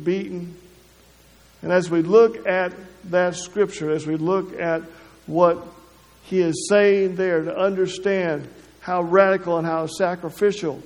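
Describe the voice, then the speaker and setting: A man preaching a sermon, halting, with many restarts and repeated words. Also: sits high, a little mellow. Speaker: pastor. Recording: long hall reverb.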